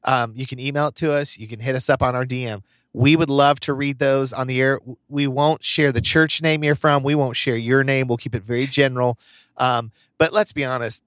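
A man co-hosts a podcast in relaxed, casual chat, telling funny stories and often breaking into laughter. His voice sits in a middle register, and the sound is dry and close. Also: medium pitch, a little fast, no echo. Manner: chatty storyteller, laughs often. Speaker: podcast co-host.

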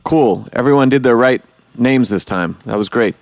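A man's voice: medium pitch, moderate pace, vocal fry, a little mellow, no room sound. A man hosting a casual podcast chat, loose and swearing, acting out quotes. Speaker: podcast host.

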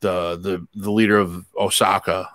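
A man's voice: low voice, flat delivery, moderate pace, fairly bright tone, no room sound, clean studio sound. A man co-hosting a podcast, chatting casually and animatedly about action movies, swearing now and then. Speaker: podcast co-host.

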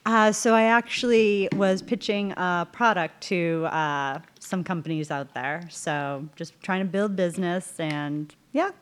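A woman's voice: lowish voice, unhurried, few pauses, smooth. Easygoing woman in an improv scene. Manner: easygoing, playfully teasing. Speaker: improv performer.

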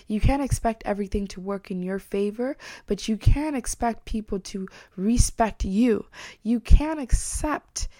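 An earnest woman talking through a motivational self-help monologue, reflective and open about herself. Her voice sits at an ordinary middle pitch. The sound is dry and close, with no room echo, and she leans on repeated phrases to press each point home. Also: darkish tone. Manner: earnest, reflective, openly personal.

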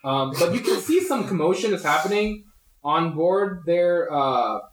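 A man's voice: on the high side, very animated, unhurried, reverberant, a little hiss or hum, low-quality recording. A young man running a tabletop game as game master, explaining rules casually with many fillers.

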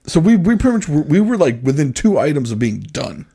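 A man on a podcast telling a rambling, animated story in casual chat. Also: on the high side, a little fast, husky. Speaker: podcast co-host.

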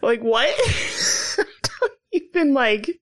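Talking slowly but very animatedly in a high-pitched voice, a woman on a podcast picks apart a badly written movie she's reviewing. It's loose, chatty talk, heavy on "like" and broken up by plenty of laughter.

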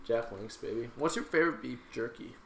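A man's voice: medium pitch, animated, a little fast, creaky. A man co-hosting a podcast in casual chat, playful and goofy. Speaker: podcast co-host. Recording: roomy sound with faint background noise.

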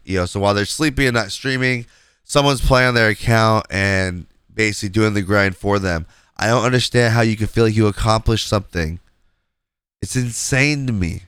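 Male podcast host, stuffy nasal voice, blunt opinionated rant, lowish pitch, dry close sound. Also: a bit bright, clear, resonant tone, no echo. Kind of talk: casual gaming podcast commentary.

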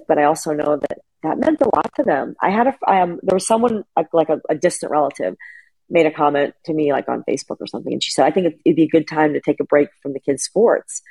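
A middle-aged woman speaks as an interview guest over a remote call, her voice low, gravelly and dark. She tells emotional family stories in an animated way, with many fillers and restarts. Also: low-quality recording. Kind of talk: personal storytelling in an interview. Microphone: remote call connection.

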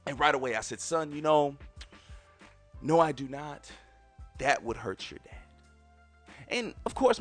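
A man in his thirties hosting a podcast, telling a personal story and repeatedly addressing his listeners directly in an animated way. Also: on the high side. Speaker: podcast host.

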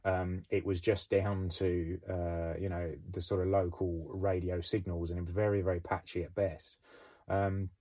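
A middle-aged British former police officer recounting a case in a rambling, conversational way with many fillers. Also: male voice, low voice, darkish tone. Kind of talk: storytelling podcast.

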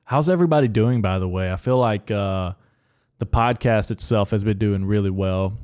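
A man with a slightly low voice hosts his podcast solo, rambling casually from one topic to the next. He delivers outrageous jokes in a flat, deadpan manner, as if they were everyday news. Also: moderate pace, clean tone. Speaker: podcast host. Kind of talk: solo comedic podcast monologue.

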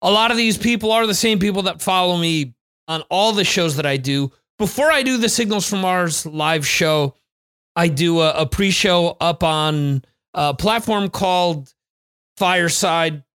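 High-ish voiced guy hosting a podcast, rambles along, chatty. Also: unhurried, fairly bright tone, clean tone, no echo, studio quality. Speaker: podcast host. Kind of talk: casual podcast chat.

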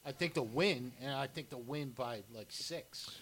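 A man on a sports panel, laying out his football picks in a measured way. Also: mid-range voice, a bit bright. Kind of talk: casual sports banter.

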